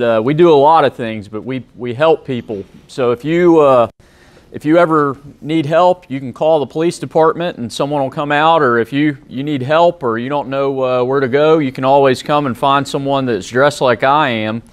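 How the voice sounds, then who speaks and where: A man's voice: mid-range voice, no echo. Friendly man reading a picture book. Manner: friendly, plain-spoken, chatty asides to kids. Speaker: police officer reading to children. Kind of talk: children's storybook read-aloud.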